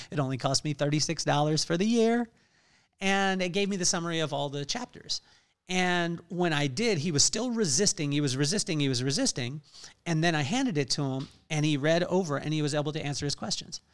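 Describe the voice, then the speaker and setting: A middle-aged man hosting his podcast, telling an unscripted motivational story in an earnest way, halting often with fillers. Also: fairly high pitch, clear, resonant tone. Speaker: podcast host.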